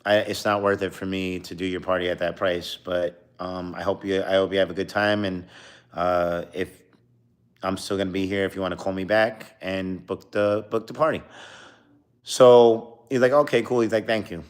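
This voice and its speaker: Low, smooth-voiced man telling stories. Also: steady tone, moderate pace. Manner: rambling, filler-heavy anecdote telling with quoted dialogue. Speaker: streamer. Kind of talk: casual storytelling.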